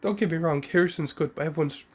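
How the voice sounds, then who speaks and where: A man's voice: a little high, fast talker, slightly rough. A man casually retelling a fan story, rambling with fillers, self-corrections and the odd cough.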